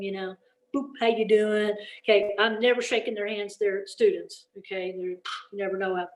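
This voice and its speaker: A woman giving a lively teacher-training workshop in a folksy, emphatic way, often checking in with "okay?". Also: medium pitch. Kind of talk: energetic classroom-management talk. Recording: echoey room.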